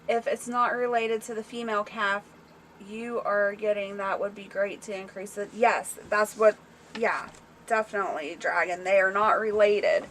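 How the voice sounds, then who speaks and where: Bright-voiced chatty woman on a livestream. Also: mid-range voice, moderate pace, a little hiss or hum. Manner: excitable and chatty, reads viewer comments aloud. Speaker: small-farm livestream host. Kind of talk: casual livestream chat with viewers.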